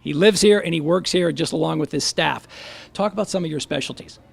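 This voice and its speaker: A male TV host with a gravelly, husky edge and a slightly high voice. He talks in a chatty, folksy, joking way as he interviews a local business owner. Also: a little fast. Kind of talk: upbeat local business TV hosting.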